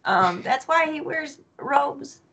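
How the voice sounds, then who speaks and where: A woman's voice: high-pitched, animated, slow pace, a bit bright, slight background noise, poor audio. An American woman guest chatting playfully on a podcast, giggly. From United States. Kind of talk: casual chat.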